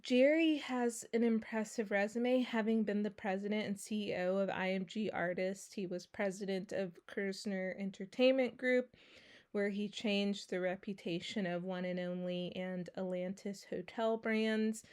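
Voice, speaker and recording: Slow, earnest woman podcast host. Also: medium pitch, fairly even intonation, a little mellow. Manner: unhurried, earnest, with pauses and filler sounds. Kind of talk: solo podcast introduction.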